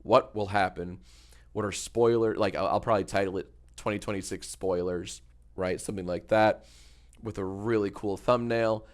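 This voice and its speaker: A man's voice: lowish voice, steady tone, moderate pace. A man chatting casually on a livestream, joking and riffing on messages from chat. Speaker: streamer.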